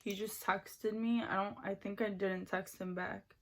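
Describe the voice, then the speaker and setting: A woman's voice: medium pitch, flat delivery, a little slow. Young woman vlogger just chatting while doing her makeup, rambly, says like a lot. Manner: rambling and chatty, fills speech with "like". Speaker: beauty vlogger.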